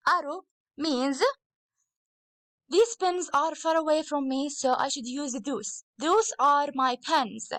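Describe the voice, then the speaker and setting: Slow, patient woman teaching English. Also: sits high, a bit bright, no echo. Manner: slow, patient, repeats each phrase for pupils. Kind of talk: recorded English grammar and phonics lesson.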